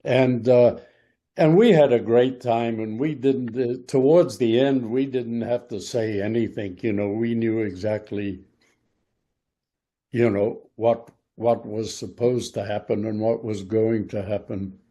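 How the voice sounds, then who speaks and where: A man's voice: medium pitch, steady tone, measured pace, mellow, muffled recording. An older man, a retired wrestler, telling road stories as an interview guest, rambling with many fillers. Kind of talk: casual storytelling interview.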